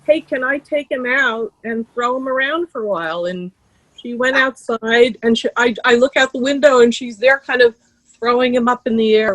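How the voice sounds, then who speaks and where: A woman's voice: mid-range voice, no room sound, rough recording. Woman on a video call sharing memories of a friend, chatty storytelling, dry close sound. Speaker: friend speaking at an online memorial. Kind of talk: casual storytelling remembrance.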